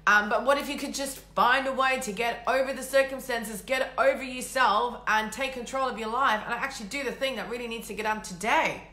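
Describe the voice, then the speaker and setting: A woman giving a blunt, energetic motivational talk as a mindset coach, swearing casually. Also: a little high, fairly quick, few pauses, echoey room.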